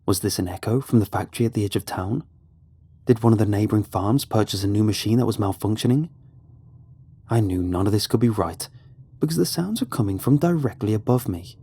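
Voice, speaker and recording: A man narrating a horror story in a measured, suspenseful way. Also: fairly low pitch, mellow, husky. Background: faint music.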